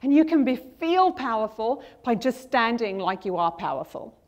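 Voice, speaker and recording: A woman speaks high and bright, driving an energetic motivational talk. She stresses and repeats key lines and checks that her audience is following. She also leads the group through a spoken affirmation. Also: normal speed. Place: conference hall with a screen.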